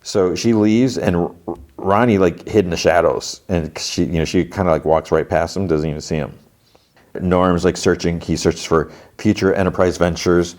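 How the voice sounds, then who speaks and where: A man's voice: low voice, fairly even intonation, normal speed, a little mellow. A male podcast host recapping a TV episode in a chatty way, full of fillers, acting out the dialogue.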